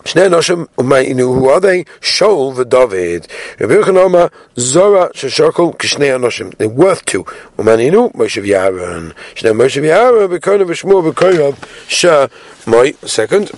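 A man giving a daily Talmud class, animated, mixing Hebrew phrases into English and asking rhetorical questions. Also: medium pitch, normal speed, no room sound. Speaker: Talmud teacher.

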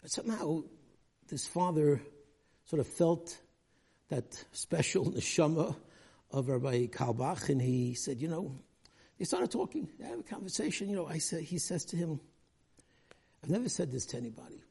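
A man's voice: a little high, very animated, normal speed, vocal fry, darkish tone, breathy edge. A man giving a weekly religious talk, telling a story animatedly and acting out the people in it. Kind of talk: storytelling sermon.

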